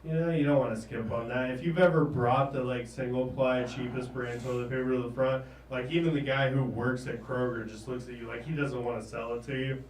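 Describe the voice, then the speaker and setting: Halting stand-up comic man, roomy distant sound. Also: mid-range voice, steady tone, a little hiss or hum. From American South. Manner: halting, trailing off with "I don't know", chuckling at his own jokes. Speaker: stand-up comedian. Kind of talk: stand-up comedy set. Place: comedy stage in a small room. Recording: roomy, distant live room recording.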